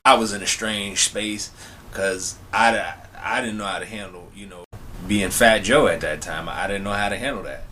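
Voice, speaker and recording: Young man, casual slangy storyteller, bright tone, mid pitch, faint hiss behind. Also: normal speed. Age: young adult. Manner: laid-back, slangy, talks straight to viewers. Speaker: vlogger.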